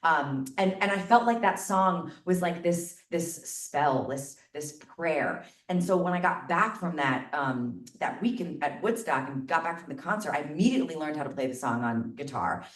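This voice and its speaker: A woman telling a personal story live to an audience, chatty and animated, packing her sentences with "like". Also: low-pitched, moderate pace, hardly any pauses. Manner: chatty, animated, lots of filler "like". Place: stage before a live audience. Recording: echoey room, mic at a distance.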